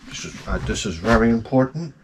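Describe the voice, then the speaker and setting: A pompous, fussy official who thinks his clipboard makes him important, as a man mocks him. He talks quietly and self-importantly, puffed up over a trivial task. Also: medium pitch, big pitch swings, a little fast, creaky, slight background noise.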